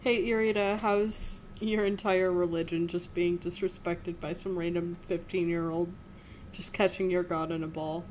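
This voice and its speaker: A woman's voice: lowish voice, little pitch movement, normal speed, a little mellow, a little hiss or hum, poor audio. A young adult woman co-streaming a game, teasing and playful. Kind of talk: live stream gameplay chat.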